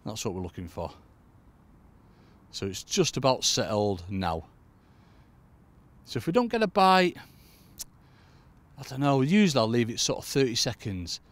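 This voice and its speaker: A UK angling coach chats through an informal fishing tutorial beside a lake on a cold day, often addressing his listeners as "folks." His mid-range voice is sing-song and unhurried, broken up by long pauses.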